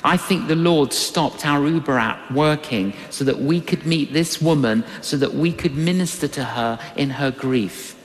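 A man's voice: on the high side, a little slow, hardly any pauses. An older man preaching a sermon, telling a personal story and acting out the voices of people in it. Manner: animated storytelling, acts out voices in quotes. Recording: long reverb of a large hall.

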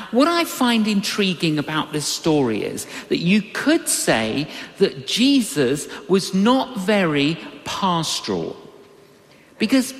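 A man preaching a sermon, telling personal stories with animated swings in his voice. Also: echoey room, long reverb tail. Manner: animated storytelling with big pitch swings.

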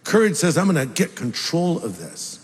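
A man's voice: fairly high pitch, very animated, normal speed, long reverb tail. A man preaching a sermon as a pastor, conversational and humorous, acting out bits of dialogue.

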